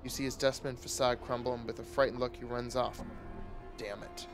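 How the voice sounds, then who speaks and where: A man streaming a game who reads its text aloud in a steady, measured way. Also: medium pitch, music in the background.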